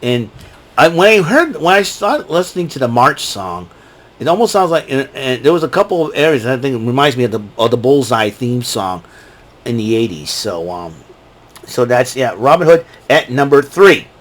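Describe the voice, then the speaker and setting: A man with a medium-pitched, expressive voice talks at a moderate pace while hosting his own show. In casual solo commentary, he rambles through a ranking of his favorite films with lots of fillers and restarts, breaking into quoted movie lines.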